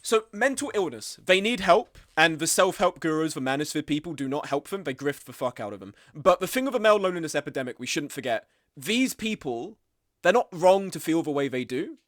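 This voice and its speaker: A man rants casually on a live stream, blunt and full of swearing. His voice sits a little high for a man. He picks up quoted people in higher, sillier voices, and the sound is close and dry. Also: sing-song, brisk, fairly bright tone, no room sound.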